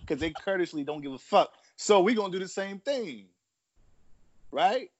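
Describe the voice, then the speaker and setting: A man with a fairly high voice argues bluntly in a casual group conversation, hammering his point by repeating it. The recording is muffled and lo-fi. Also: lively intonation, normal speed, no echo. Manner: blunt, emphatic, repeats himself. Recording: dull lo-fi sound.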